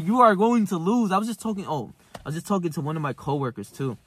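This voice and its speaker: A man's voice: high-pitched, sing-song, fast, few pauses, breathy edge. A young man ranting to camera in a casual motivational vlog, emphatic and profane, calling the listener bro. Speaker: self-improvement vlogger.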